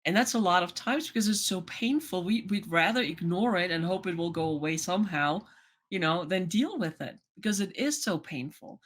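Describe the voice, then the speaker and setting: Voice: medium pitch, normal speed. Chatty life coach vlogging. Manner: chatty, full of "you know" and "right?"; acts out remembered conversations in lively voices. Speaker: life coach and channel host. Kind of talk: casual vlog monologue.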